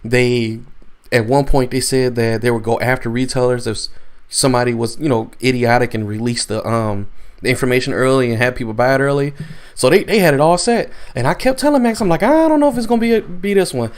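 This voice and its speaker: A man's voice: medium pitch, brisk. Rambling man venting on a podcast. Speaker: podcast co-host. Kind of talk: casual chat.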